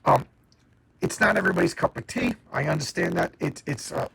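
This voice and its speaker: Gravelly man chatting about comics. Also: high voice, brisk, a bit bright, low-quality recording. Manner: enthusiastic, stammers and repeats words. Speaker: comic book reviewer. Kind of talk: casual spoken comic review.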